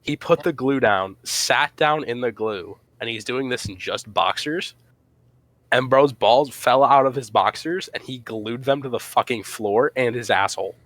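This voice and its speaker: A young man co-hosting a podcast, telling a crude story in animated casual chat. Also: mid-range voice, a little slow, no echo. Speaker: podcast co-host.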